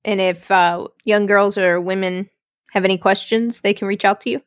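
A woman's voice: medium pitch, steady tone, moderate pace, dry recording, clean studio sound. A woman hosting a podcast, interviewing a guest and reading the show's outro in an encouraging, upbeat way. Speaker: podcast host.

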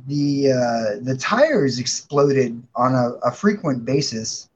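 A man guest on a talk show, telling a story in a halting, stammering way. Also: medium pitch, animated, highs cut off. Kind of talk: casual chat.

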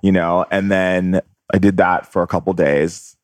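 A man's voice: low-pitched, level tone, a little slow, dry recording, clean studio sound. A man telling a personal story in conversation, earnest and re-enacting what was said. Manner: earnest, re-enacts voices in quotes. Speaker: guest.

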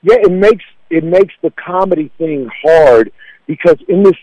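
A man's voice: fairly high pitch, lively intonation, normal speed, mellow, no room sound, highs cut off. A man, a comedian, talking casually in an interview, confident and laid-back as he tells stories. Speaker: comedian guest.

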